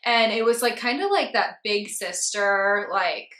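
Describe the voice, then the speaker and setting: A woman's voice: mid-range voice, expressive, measured pace, sharp tone, reverberant. A young woman guest, a beauty industry mentor, chatting upbeat with laughing asides. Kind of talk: casual chat.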